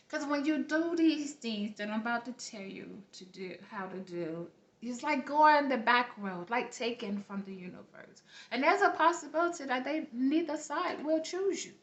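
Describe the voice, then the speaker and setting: A woman giving casual spiritual teaching to her viewers. She talks in an earnest way, repeats herself, and often checks in with "okay?", and she has a light accent. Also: fairly high pitch. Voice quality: light accent, self-noted. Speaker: spiritual vlogger. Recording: roomy, dull lo-fi recording.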